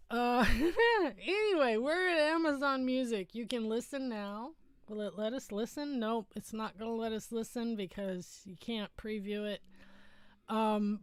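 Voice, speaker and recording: A woman's voice: on the high side, clean tone, no room sound. A middle-aged woman hosting a casual livestream from home, chatting in a rambling way and correcting herself as she goes.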